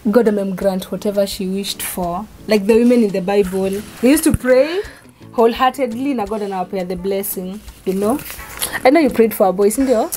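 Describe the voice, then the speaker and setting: A woman's voice: mid-range voice, moderate pace, mellow. A young Kenyan woman, a new aunt, gushing emotionally in a casual family vlog. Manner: gushing, emotional, mixing English and Swahili. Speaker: sister-in-law, new aunt. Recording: noisy home video.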